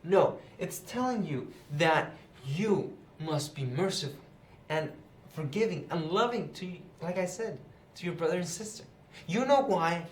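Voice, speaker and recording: A man's voice: fairly high pitch, lively intonation, a little slow, slight background noise. A young man retelling a Bible parable in a chatty, casual way, seated indoors. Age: young adult. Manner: chatty, with many fillers like "you know" and "right". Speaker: youth Bible teacher, channel host. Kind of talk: casual Bible lesson to camera. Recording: roomy echo.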